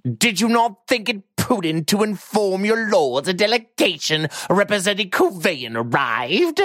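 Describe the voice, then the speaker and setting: A man voicing a pompous, wealthy nobleman who whines, pitched far above his own voice. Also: very animated, measured pace, a bit bright, no echo, studio quality, exaggerated voice. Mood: whining. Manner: whining. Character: rich pompous nobleman, whiny.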